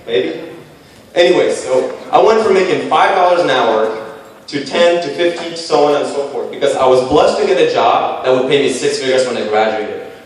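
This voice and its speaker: A man in his late twenties telling a personal story to a panel, animated and self-deprecating, with punchy repeated phrases. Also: a little high. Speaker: speaker pitching to a panel. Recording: echoey hall, voice from far off.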